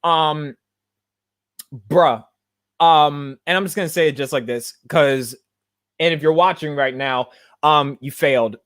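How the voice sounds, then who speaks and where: A man's voice: on the high side, measured pace, pauses often, fairly bright tone, dry recording, studio quality. A man hosting a podcast, speaking in a blunt, slangy, digressive monologue. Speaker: podcast host and activist. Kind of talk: casual monologue.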